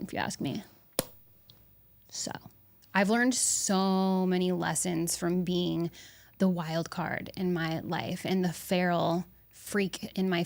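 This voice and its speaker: A young adult woman hosting a solo podcast, talking candidly and bluntly with some swearing, pausing and restarting as she reflects. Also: on the low side, no echo. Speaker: podcast host.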